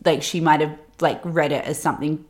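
Young woman co-host, lower-pitched, reassuring and chatty. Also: fairly even intonation, fairly quick, darkish tone. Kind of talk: casual chat.

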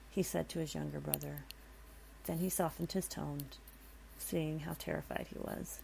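A woman's voice: deep voice, fairly even intonation, moderate pace, gravelly, mellow, slight background noise, poor audio. A woman reading a scary story aloud in a dramatic way, stopping for nervous asides to her listeners.

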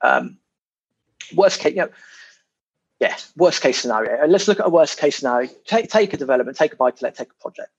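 A man's voice: a little high, animated, brisk, creaky, breathy edge. A man, a guest on a podcast, chatting casually and animatedly about property, swearing now and then and repeating his words. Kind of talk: casual interview chat. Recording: dull lo-fi sound.

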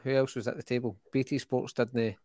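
Flat-voiced man, dry sound. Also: mid-range voice, brisk, dry recording. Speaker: podcast co-host. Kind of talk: casual football chat.

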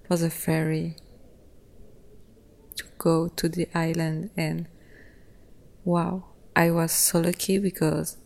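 A young woman hosting a podcast, casually recounting a trip in a relaxed, chatty way, often laughing between phrases. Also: fairly low pitch, vocal fry. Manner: loose, simple phrasing with frequent "like" and "yeah". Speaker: podcast host. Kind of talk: casual travel storytelling.

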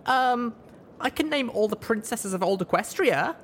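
A man voicing a small, boastful young colt in a high, eager voice. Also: animated, moderate pace, fairly bright tone, a little hiss or hum, exaggerated voice.

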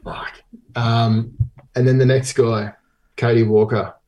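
A man's voice: medium pitch, level tone, takes it slowly, a little mellow, dull audio. A man co-hosting a sports podcast, talking with many ums and restarts. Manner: hesitant, many ums and repeated starts. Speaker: podcast co-host. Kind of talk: casual sports podcast chat.

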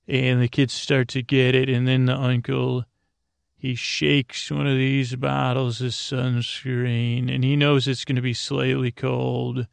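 A man drifts slowly through a rambling bedtime story, stumbling and restarting on purpose. His voice is heavily gravelly and nearly flat in pitch. The sound is close and dry. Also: dry recording. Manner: meandering, stumbling, deliberately dull. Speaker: podcast host.

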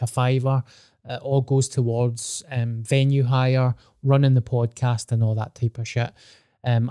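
A man's voice: mid-range voice, warm tone, clean tone, no echo, clean studio sound. A young Scottish man hosting a casual podcast chat, candid, joking and swearing freely. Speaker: podcast host.

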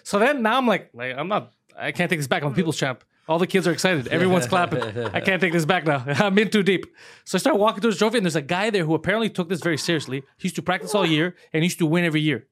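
A man co-hosting a podcast, telling a story in a loose, animated way, swearing and laughing as he goes. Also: high voice, very fast. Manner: animated, swearing, laughs through his stories. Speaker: podcast co-host. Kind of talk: casual storytelling chat.

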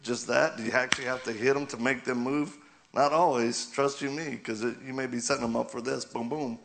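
Gravelly-voiced joking male preacher. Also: mid-range voice, fairly even intonation, fairly quick, a bit bright, a little hiss or hum. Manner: joking, asks the crowd questions, laughs often. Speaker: guest preacher. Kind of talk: humorous sermon with stories. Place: church sanctuary.

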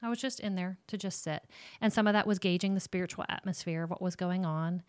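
Woman counselor, smooth lowish voice, direct casual talk to parents. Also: fast, dry recording. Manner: warm, direct, talks straight to moms. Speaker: ministry counselor and host.

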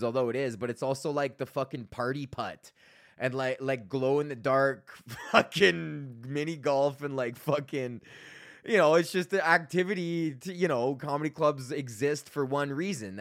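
A young Canadian man hosts a podcast, ranting casually with lots of swearing, rambling, and frequent laughter. His voice sits at a medium pitch and moves at a normal speed. The recording is clean studio audio with no room sound.

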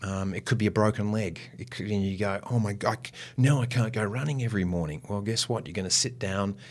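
A man talking as a podcast guest in a low, settled voice. He is reflective and unhurried, and he slows right down when he wants a point to land. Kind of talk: casual chat.

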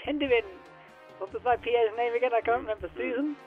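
A man voicing a forgetful, fussy, high-voiced male office boss in a comedy sketch. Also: fast, soft background music. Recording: tinny phone-like line.

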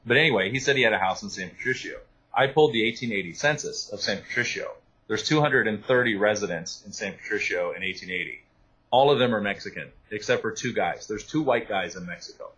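A man, an author, talking through his research in an animated interview, with many restarts and asides. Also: lowish voice, fast talker, slightly rough, poor audio. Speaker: author and guest. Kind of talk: interview conversation.

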